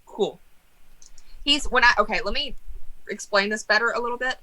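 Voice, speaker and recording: A young woman narrating as game master of a tabletop game, animated and joking in mock anger with her players. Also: a little high, moderate pace, poor audio. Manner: animated, laughing, mock-angry banter.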